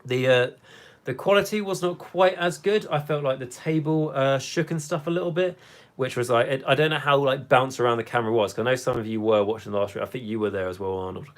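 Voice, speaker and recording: A man's voice: mid-range voice, fast. Rambling young man chatting on a live stream. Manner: rambling, chatty, many fillers. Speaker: hobby streamer. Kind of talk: casual live-stream chat.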